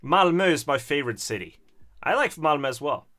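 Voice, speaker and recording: Man, swedish accent, bright voice, animated pitch, rambling casual streamer talk. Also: a little fast. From Stockholm, Sweden. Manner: rambling, hesitant, often chuckling. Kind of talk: casual livestream commentary.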